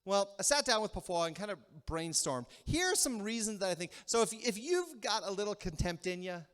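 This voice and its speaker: A man preaching a sermon as pastor, animated, acting out little quarrels and checking in with the congregation. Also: high-pitched, clean tone. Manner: animated, acts out quick mock quarrels, asks the crowd "okay?". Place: church sanctuary. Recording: reverberant church hall.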